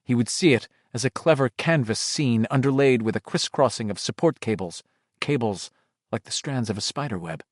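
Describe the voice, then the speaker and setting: A man's voice: medium pitch, normal speed, no room sound, clean studio sound. A man reading a horror audiobook aloud in dramatic scripted narration. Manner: dramatic, shifting delivery.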